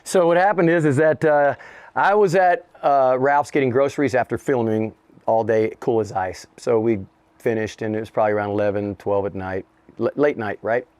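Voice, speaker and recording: An American man in his fifties, a rapper, tells a story as an interview guest. He's profane and animated, acting out quotes and laughing often. His pitch is medium, his pace normal, and the recording has no room sound.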